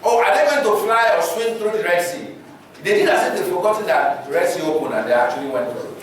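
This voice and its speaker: A Nigerian man preaching a sermon, animated and dramatizing scripture stories, heard from afar in an echoing church hall. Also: sits high, quick pace, slight background noise. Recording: echoey hall from far off.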